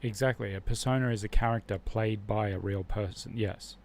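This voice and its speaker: A man's voice: on the low side, normal speed, a little mellow, a little hiss or hum. An Australian man hosting a casual livestream, thinking aloud as he reviews Spanish flashcards. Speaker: livestream host learning Spanish.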